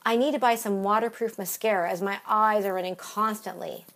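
A woman's voice: mid-range voice, fairly even intonation, a little fast, heavy background noise, natural voice. A woman voicing a bubbly, dramatic Los Angeles valley girl who gushes and says oh my God and dude. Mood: gushing.

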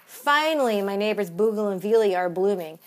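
A woman's voice: medium pitch, animated, fairly quick, natural voice. A woman doing a gushing valley girl. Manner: gushing, says oh my God and dude. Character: bubbly Los Angeles valley girl, dramatic, trendy.

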